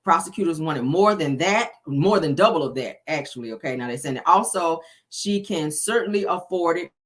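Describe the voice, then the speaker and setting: A woman's voice: sits low, expressive, moderate pace. A woman hosting celebrity gossip in a sassy, chatty way, calling her viewers honey and baby. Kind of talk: casual gossip commentary.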